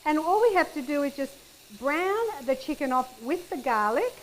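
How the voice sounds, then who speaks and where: Aussie lady cooking show host, high voice, chatty and upbeat, faint pan sizzle behind. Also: animated, moderate pace, slight background noise. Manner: chatty, upbeat, talks to viewers while cooking. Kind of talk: casual cooking demonstration. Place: home kitchen. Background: pan sizzling and kitchen clicks.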